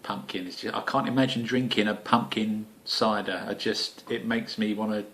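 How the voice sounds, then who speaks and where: Essex bloke, homebrew vlog host, lowish voice, cheeky jokey delivery. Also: male voice, steady tone, normal speed, fairly bright tone. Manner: cheeky, jokey, lots of fillers and swearing. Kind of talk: casual chat to camera.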